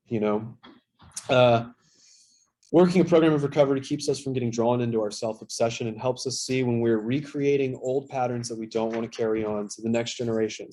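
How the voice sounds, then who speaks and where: Mellow and mid-range, a man in his thirties speaks candidly at a recovery workshop. His talk is casual and self-deprecating, packed with fillers and swearing.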